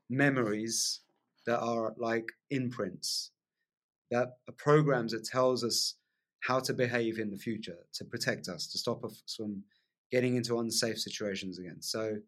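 Excitable man telling a wild story. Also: medium pitch, moderate pace. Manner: vivid, excitable storyteller, laughs often, many "like" fillers. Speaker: podcast guest. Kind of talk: storytelling in casual conversation.

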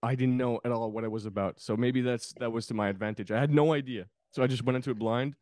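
A man's voice: mid-range voice, steady tone, fast talker, a little mellow, dry recording. A man guesting on a podcast, chatting casually about films, rambling and laughing often. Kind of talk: casual film chat.

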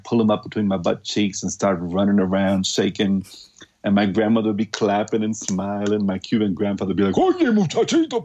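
A man telling stories in casual chat, theatrical and quick to laugh, acting out voices. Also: fairly low pitch, darkish tone.

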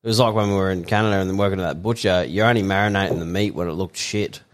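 Laid-back man, low voice. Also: fairly even intonation, rapid-fire. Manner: laid-back, short agreeing replies. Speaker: podcast co-host. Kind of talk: casual chat.

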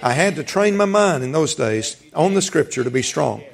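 A middle-aged pastor with a gravelly, fry-edged voice set a little high for a man. He preaches in a folksy storytelling way, chuckling and acting out conversations as he goes. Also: animated, moderate pace. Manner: folksy storytelling with laughter and quoted dialogue. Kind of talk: sermon.

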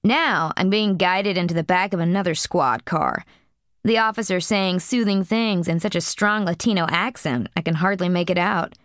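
A woman's voice: on the low side, moderate pace, a bit bright, clean tone, dry recording, clean studio sound. A woman narrating an audiobook in a blunt, profane first-person voice.

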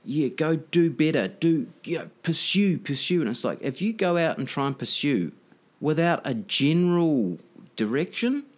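A man's voice: on the high side, moderate pace. Rambling, profane man chatting casually. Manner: rambling, profane, animated storytelling. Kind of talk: casual chat.

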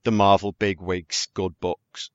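A man's voice: sits low, little pitch movement, slow, dry recording. Swearing man telling jokey stories. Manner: swearing, storytelling with jokey impressions. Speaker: podcast co-host. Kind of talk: casual chat. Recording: dry, dull lo-fi audio.

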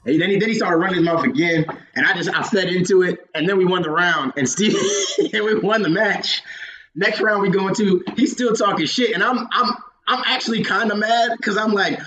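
A young man from Georgia hosts a podcast, telling gaming stories in a casual, profane chat and laughing often. His voice is high-pitched, brisk, and sharp, though the recording sounds muffled.

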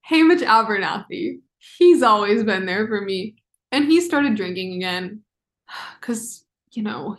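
A woman hosting a casual book discussion podcast, chatty and emotional, with quick asides and lots of "like"s. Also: on the high side. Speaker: podcast host.

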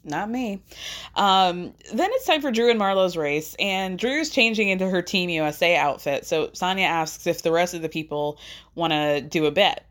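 A woman hosting a podcast in casual chat, chatty and animated, laughing often as she talks. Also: lowish voice, moderate pace. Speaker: podcast host recapping a reality show.

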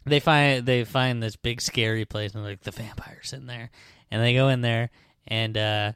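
Male podcast host, smooth voice, dry close sound, rambling casual plot recap with the odd curse. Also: medium pitch, steady tone, fairly bright tone, no echo. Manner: rambling, profane retelling with quick put-on character voices. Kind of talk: casual book-recap chat.

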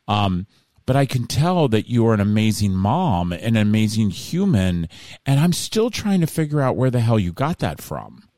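A middle-aged man hosts a podcast in a very low voice. He speaks emphatically and often talks straight to the listeners. The sound is dry and close, with no room echo. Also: very animated, normal speed, mellow. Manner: emphatic, addresses listeners directly. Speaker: podcast host. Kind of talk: conversational interview.

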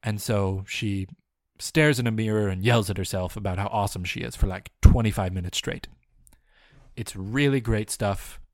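Comedy podcast host, male, low-pitched, deadpan rambler with mock-furious outbursts, dry close sound. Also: moderate pace, dry recording. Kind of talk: deadpan comedic movie recap.

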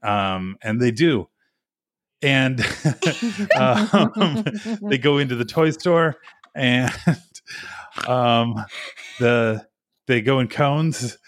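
A man co-hosting a podcast in casual chat, rambling through a hurried summary with lots of ums and self-mocking jokes. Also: mid-range voice, animated, no echo, studio quality. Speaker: podcast co-host.

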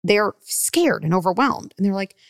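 A middle-aged woman psychologist giving parenting advice in a podcast interview, animated and full of "like", acting out parent and child lines. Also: medium pitch, normal speed, no room sound, studio quality. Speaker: clinical psychologist guest.

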